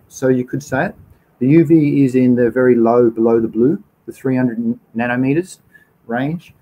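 A man's voice: medium pitch, mellow, a little hiss or hum, rough recording. A man with an Australian accent hosting a casual livestream, reading out viewer comments and answering questions in an informal, chatty way. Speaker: livestream host.

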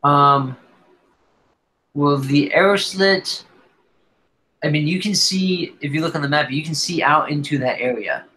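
A man narrating as dungeon master, talking slowly with many fillers. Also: a little high, sharp tone, husky, low-quality recording. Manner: slow, halting narration with fillers. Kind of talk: narrating a tabletop game. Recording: faint background noise.

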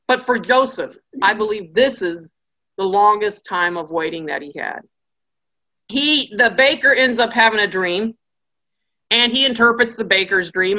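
A woman's voice: medium pitch, pushed and bright. A woman giving a conversational Bible study lecture, with joking asides and acted-out characters.

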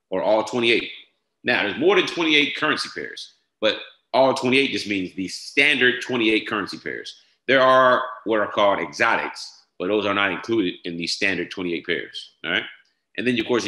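A man giving a step-by-step software tutorial, repeating each instruction and checking in with "all right?". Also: deep voice. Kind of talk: screen-share tutorial walkthrough. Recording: echoey room.

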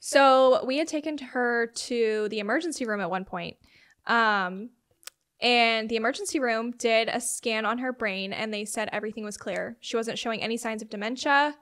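A young woman speaking in a slightly high voice, recounting a personal story to an interviewer. She talks casually, with lots of fillers, and slips into quoting others as she goes. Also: moderate pace, a bit bright. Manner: conversational, many "like" and "um" fillers, quotes family members in retelling. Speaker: interview guest.

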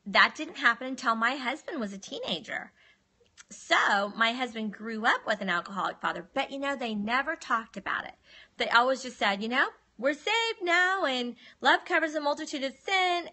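Woman, forties, bright voice, lively personal storytelling, phone livestream. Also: on the high side. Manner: animated, addresses viewers as y'all. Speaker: livestreamer sharing her life story.

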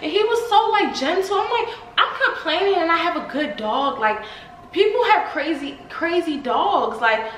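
A young woman chatting casually to her viewers in a home vlog, excitable and talkative, often saying y'all. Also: extremely high pitch, measured pace, reverberant, slight background noise, poor audio. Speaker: vlogger.

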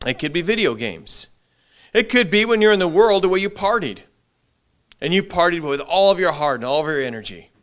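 A middle-aged man preaching a sermon as pastor, animated, repeating his words as he builds. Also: sits high, a little fast. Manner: animated preaching, acts out short quoted voices, frequent repeated words.

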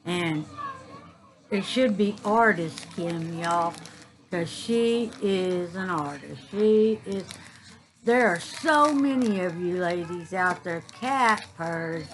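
A woman's voice: mid-range voice, a little hiss or hum, poor audio. A middle-aged woman, gushing about a gift in a casual chat to her viewers. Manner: gushing, excitable, talks straight to viewers. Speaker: crafting vlogger.

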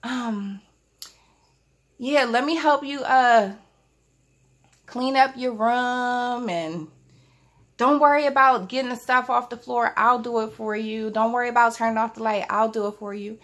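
A woman's voice: a little high, unhurried, pauses often, fairly bright tone, pitched above the performer's own voice. A woman voicing her scheming older brother, who acts falsely sweet and coaxing as he puts his little sister to bed. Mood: fake helpful. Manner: sugary, coaxing, fake-nice.

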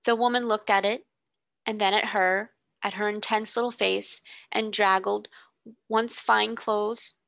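A woman, a tutor, reading a children's novel aloud expressively, slowing on vivid words, on a close mic. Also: medium pitch, fairly even intonation, creaky, a bit bright, no echo. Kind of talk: storybook reading.

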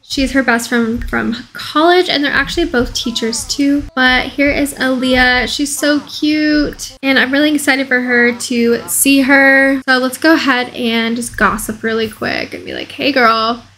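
A woman's voice: high voice, measured pace, hardly any pauses, fairly bright tone, a little hiss or hum, low-quality recording. A woman hosting a casual let's play video, commentating in a bubbly, gushing way.

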